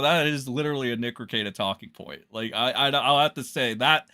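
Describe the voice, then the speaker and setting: A man's voice: mid-range voice, brisk. A man doing casual livestream commentary, rambling, swearing freely and breaking into laughs. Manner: profane, excitable, laughs often, rambling.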